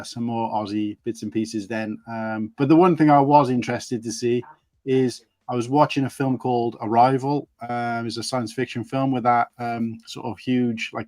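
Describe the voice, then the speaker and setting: A man's voice: medium pitch, a little mellow, no room sound. A man hosting a casual community stream, chatty and rambling through anecdotes. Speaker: stream host.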